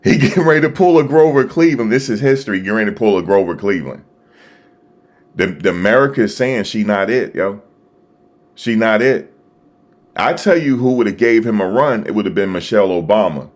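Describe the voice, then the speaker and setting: A man hosting a live stream, talking casually and excitedly to his viewers, repeating himself as he reacts. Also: on the low side, fairly quick, pauses often. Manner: animated, repetitive, talking to chat viewers. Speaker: livestream host. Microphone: desktop USB microphone.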